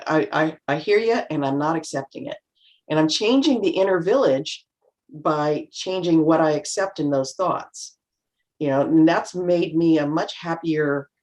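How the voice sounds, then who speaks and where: A middle-aged woman on a video call, chatting reflectively as a panel guest and acting out remarks in lively voices. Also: low voice. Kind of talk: casual chat.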